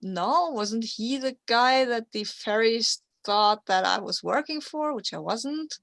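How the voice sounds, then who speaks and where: A woman's voice: a little high, takes it slowly, gravelly, a bit bright, dry recording. A chatty woman playing a tabletop role-playing game, slipping readily into a bubbly character voice. The sound is dry and close, with no room around her. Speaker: player.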